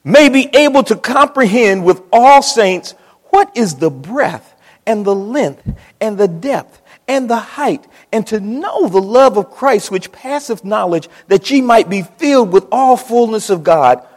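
A man preaching a sermon in a church, dramatic, dropping to a hush and rising to shouts. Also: high-pitched, expressive, unhurried, in a large hall. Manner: dramatic, swings between hushed and shouting. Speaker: pastor.

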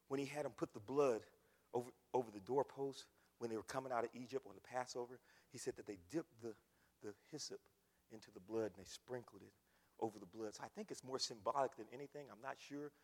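A man preaching a sermon, swinging between hushed pleading and loud cries. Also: medium pitch, quick pace, breathy edge. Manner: impassioned, swings from hushed to shouting. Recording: long hall reverb.

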